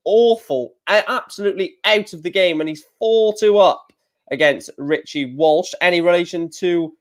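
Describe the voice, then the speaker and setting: A man's voice: high-pitched, moderate pace. Chatty man reading darts scores. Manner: chatty, reads out scores and chat, many fillers. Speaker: live stream host. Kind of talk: casual live-stream commentary.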